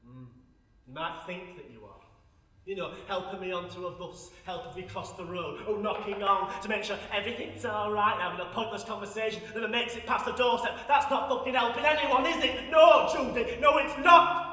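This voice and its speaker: A man's voice: high-pitched, a little fast, sharp tone. An actor playing a lonely, foul-mouthed old woman from Sheffield in a stage monologue, blunt and darkly wry, swearing freely. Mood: bitter sardonic. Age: older. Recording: echoey hall recorded from a distance.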